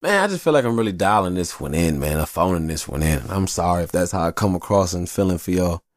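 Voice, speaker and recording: A man hosting a podcast alone, talking in a casual, rambling and profane monologue, telling stories in an animated way. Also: low-pitched, fast, no room sound, clean studio sound. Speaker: podcast host.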